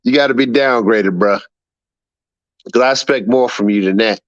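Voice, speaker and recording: A man's voice: mid-range voice, moderate pace, no echo, muffled recording. A man hosting a livestream and reading chat aloud, laughing often, repeating himself and scolding a viewer. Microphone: streaming setup mic.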